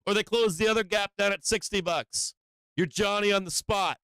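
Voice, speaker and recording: Man, stock show host, profane, emphatic, slightly high voice, dry close sound. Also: normal speed, clear, resonant tone, dry recording. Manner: swings between loud emphasis and low explaining. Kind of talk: profane live-stream market commentary.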